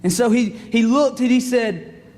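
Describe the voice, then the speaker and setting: High-voiced pastor telling a story. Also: male voice, measured pace. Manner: folksy, animated storytelling with acted quotes. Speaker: student pastor. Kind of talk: sermon. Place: church sanctuary. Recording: long reverb of a church sanctuary.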